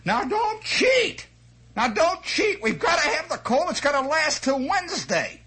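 A man's voice: very high voice, big pitch swings, measured pace, bright, forceful tone, voice pushed up, exaggerated voice. Man doing a nagging mother hollering. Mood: scolding. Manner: scolding, calling out.

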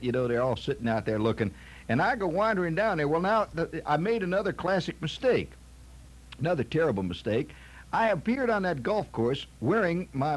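A man's voice: mid-range voice, breathy edge. A man telling a rambling comic story in a folksy manner, peppering it with "see?" and "you know".

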